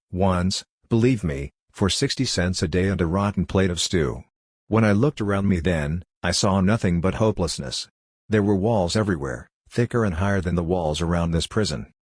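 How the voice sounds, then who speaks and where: A man voicing a calm, steady prisoner awaiting execution, who speaks in even, reassuring tones. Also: sits low, no echo, studio quality.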